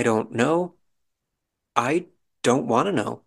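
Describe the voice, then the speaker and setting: A man's voice: mid-range voice, normal speed, gravelly. A man hosting a podcast, giving a wry, chatty recap of a reality show episode with musing asides. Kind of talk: casual commentary.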